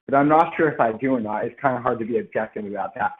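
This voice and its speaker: A man's voice: mid-range voice, very fast. A young man from Seattle calling in to a radio show, chatting earnestly in a slightly formal way. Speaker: caller. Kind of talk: casual chat. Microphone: phone. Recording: tinny phone line.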